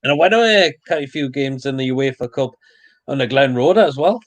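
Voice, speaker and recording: A man chats on a live stream in an easygoing way. His voice sits at a middling pitch. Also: animated, fairly quick. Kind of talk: casual live stream chat.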